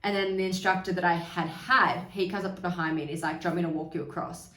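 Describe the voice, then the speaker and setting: A young woman tells a candid personal story in a casual, chatty way, slipping in swear words and acting out what people said. Her voice sits a little low. She sounds set back from the mic in a roomy space. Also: fairly even intonation, quick pace, pushed and bright, distant mic. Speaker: podcast host.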